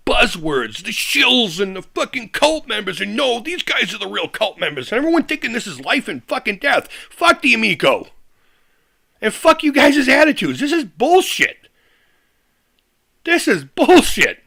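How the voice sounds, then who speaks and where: Live-streaming, a retro gaming YouTuber with an extremely high, gravelly, pushed and bright voice erupts in a furious, profanity-heavy rant, restarting sentences and saying things over again.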